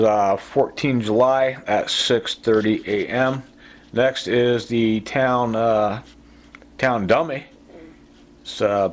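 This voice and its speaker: A sleep-deprived man talking in a rambling, agitated monologue, halting and repeating himself with many fillers. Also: mid-range voice. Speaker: vlogger.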